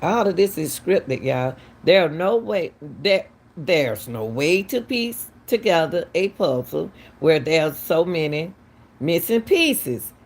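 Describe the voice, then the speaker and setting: A woman with a low, very animated voice and slow pace runs casual true-crime commentary as a channel host. She's emphatic, repeatedly asking questions in disbelief.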